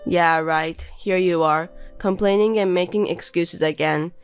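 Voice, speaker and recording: Bossy insulting husband, read by a woman in a lowish voice, cold and belittling. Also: steady tone, unhurried, clear, resonant tone, faint music behind, natural voice. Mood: contemptuous. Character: scornful insulting young husband. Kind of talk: reading a text-message story.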